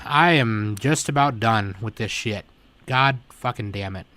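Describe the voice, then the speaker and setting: A man's voice: on the low side, unhurried, fairly bright tone. A man hosting a casual anime podcast, laid-back and tired, with lots of fillers and swearing. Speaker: podcast host. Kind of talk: casual chat.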